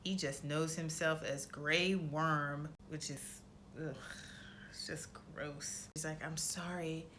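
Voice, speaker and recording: A woman vlogger giving a casual, animated recap of a TV episode, full of slang and swearing, who acts out the characters' lines. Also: sits low, slow pace, slight background noise. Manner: animated retelling with slang and profanity. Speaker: reaction vlogger.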